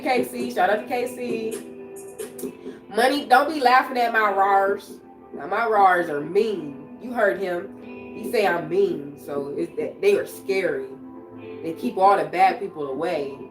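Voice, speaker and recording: Sick woman chatting on a livestream. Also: mid-range voice. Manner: chatty, answering comments aloud. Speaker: livestream host. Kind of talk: casual livestream chat with viewers. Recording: echoey room, far from mic, music playing.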